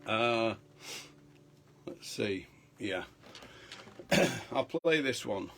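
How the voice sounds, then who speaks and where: A man hosting a live stream from home, chatting casually between songs in a halting way with many pauses, his voice strained after a chest infection. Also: mid-range voice, expressive, vocal fry. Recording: guitar sounding under the voice.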